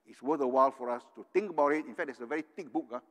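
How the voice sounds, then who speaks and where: Older preacher in a reverberant hall. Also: male voice, medium pitch, rapid-fire. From Singapore. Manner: earnest, tags points with "right?". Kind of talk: sermon.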